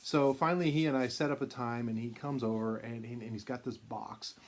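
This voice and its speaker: A vintage card collector who hosts his own channel tells a long personal story in a casual way, full of fillers and restarts. His voice is medium-pitched and fairly even, and he talks briskly.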